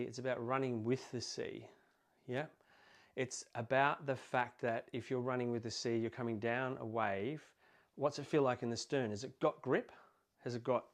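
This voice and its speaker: A man with an Australian accent, explaining boat handling casually through anecdotes, rambling with fillers and restarts. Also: medium pitch. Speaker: boating instructor.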